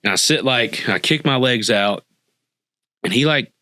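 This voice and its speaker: A man's voice: mid-range voice, lively intonation, measured pace, sharp tone, dry recording. A man telling an emotional personal story as a podcast guest, earnestly acting out what people said to him. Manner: earnest, emotional, acts out quoted dialogue.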